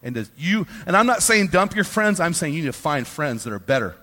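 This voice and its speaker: A man's voice: on the high side, sing-song, brisk. Fiery preacher man in a big hall. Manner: fiery, swings from hushed to shouting. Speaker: pastor. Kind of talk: sermon to a men's gathering. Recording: long hall reverb.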